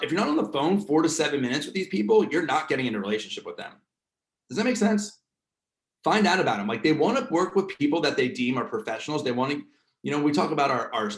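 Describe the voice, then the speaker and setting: A man's voice: medium pitch, reverberant. Casual slangy man with New Jersey accent. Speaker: host leading a real estate training session. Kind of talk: casual coaching talk.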